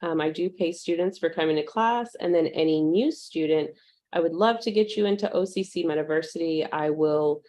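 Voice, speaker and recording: A woman teaching a live virtual class, warmly greeting attendees by name and speaking with frequent ums. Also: low voice, moderate pace. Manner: uses fillers like um. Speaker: online course instructor.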